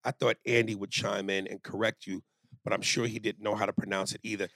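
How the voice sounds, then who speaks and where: A man co-hosting a comedy podcast in casual chat, loud and playful, slipping into silly bits. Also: lowish voice, flat delivery, a little fast, no room sound. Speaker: podcast co-host.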